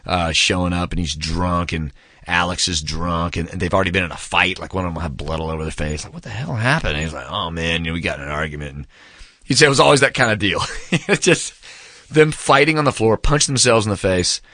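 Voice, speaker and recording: A man's voice: low voice, fairly quick, sharp tone, no echo, studio quality. A man in his forties casually reviewing a book, telling stories with enthusiasm, acting out quotes and saying "man" a lot.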